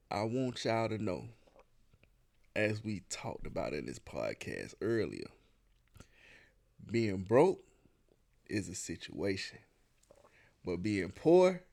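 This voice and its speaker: Laid-back young male co-host, rough gravelly tone with a swinging pitch, easygoing banter. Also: wildly swooping pitch, extremely slow, pauses often, a little mellow. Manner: laid-back, says "man" a lot. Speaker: podcast co-host. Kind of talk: casual chat.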